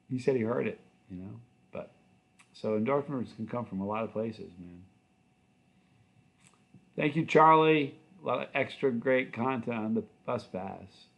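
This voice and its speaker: A man's voice: mid-range voice, gravelly. A middle-aged man hosting a livestream, answering viewer comments in a loose, rambling, friendly way with many restarts. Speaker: channel host.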